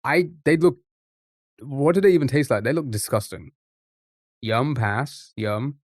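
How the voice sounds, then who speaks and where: A man of middle pitch chats his way through a live game stream, rambling and restarting his sentences as he goes. His voice sits close to the mic, dry and free of room sound. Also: unhurried, dry recording. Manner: rambling, chatty, trips over words. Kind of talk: casual live-stream chat.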